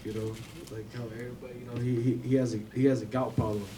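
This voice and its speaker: A man's voice: medium pitch, level tone, fast talker, a crowd in the background. A young man giving an informal eulogy for a family member, rambling with lots of fillers and laughing between stories. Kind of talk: informal memorial speech. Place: memorial gathering room. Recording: distant mic with clear background noise.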